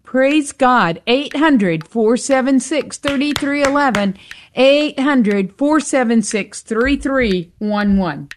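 A woman's voice: high-pitched, expressive, slow pace, slight background noise. A woman co-hosting a live radio pledge drive, steadily repeating the phone number and reading donor notes. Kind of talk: live radio fundraising chat.

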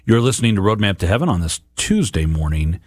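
A man hosting a radio program and announcing the segment break in a steady, formal way. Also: on the low side, quick pace, no room sound, studio quality. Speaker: radio show host.

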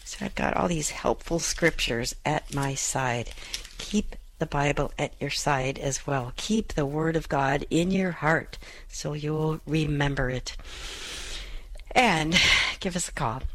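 Fast-talking Catholic radio host woman. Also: low-pitched, dry recording. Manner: fast-talking, bubbly, laughs often. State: choking, clearing throat. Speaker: radio advice show host. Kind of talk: Catholic call-in radio talk.

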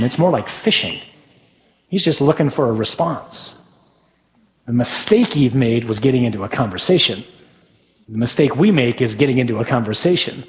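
A man's voice: mid-range voice, big-room sound, low-quality recording. A man, a Catholic priest, preaching a sermon in a conversational way with tag questions.

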